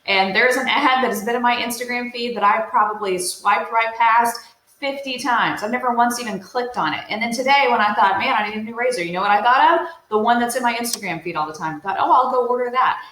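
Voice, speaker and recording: A woman's voice: fairly high pitch, a little fast, fairly bright tone. A woman coaching real estate agents in a casual, upbeat, direct way, with lots of "you know"s. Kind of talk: casual motivational talk to agents. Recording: roomy echo.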